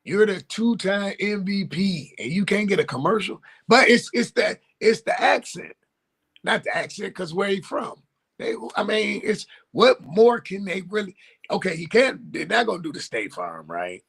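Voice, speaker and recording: Husky guy with a high lively voice going off on football, blunt and loud about it. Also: normal speed. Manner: emphatic, blunt, animated. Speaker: sports talk co-host. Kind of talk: casual sports debate.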